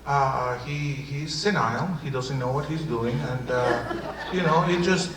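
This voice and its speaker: A man's voice: medium pitch, measured pace, crowd noise, lightly acted. An actor playing a defensive, brash male immigrant comedian with a Spanish accent, rambling and stammering through a live improv bit. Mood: mocking. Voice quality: lively, rambling, stammering delivery. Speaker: improv performer. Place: theater stage before an audience. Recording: roomy hall, distant mic, loud noise.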